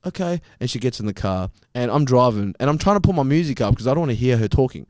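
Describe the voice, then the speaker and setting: A young man telling a story on a podcast, animated and swearing freely. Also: medium pitch, fast talker, no echo, clean studio sound. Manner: animated, swears freely, acts out quoted lines. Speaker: podcast guest. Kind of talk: casual storytelling chat.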